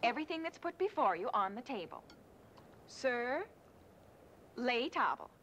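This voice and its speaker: An actress playing a kind young woman caring for two children. She talks gently and hesitantly, with fillers and halting French. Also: fairly high pitch, big pitch swings, dull audio, a little hiss or hum. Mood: tender. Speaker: film character caring for children. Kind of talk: film musical dialogue. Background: music.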